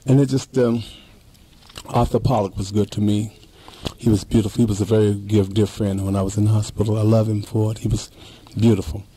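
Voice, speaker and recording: A man in his fifties, an interview guest, talks in a casual interview with a lowish, mellow voice that has a breathy edge. His delivery is flat and fairly quick, yet he is emphatic and heartfelt, repeating himself.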